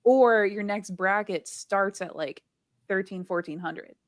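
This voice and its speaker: A woman's voice: mid-range voice, measured pace, no echo. Giggly woman chatting on a stream, says "like" a lot, dry close mic. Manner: giggly, storytelling, lots of "like" fillers. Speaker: livestream co-host. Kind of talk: casual chat.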